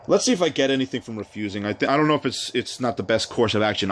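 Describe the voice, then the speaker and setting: A man doing let's play commentary, thinking out loud and reading the game's text aloud in a chatty way. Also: mid-range voice, animated, rapid-fire, few pauses. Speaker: game streamer.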